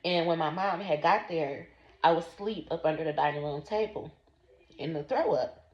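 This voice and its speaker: A woman telling a personal story slowly and deliberately to her vlog audience. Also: low-pitched. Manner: slow, deliberate recounting. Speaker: vlogger. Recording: roomy, dull lo-fi sound.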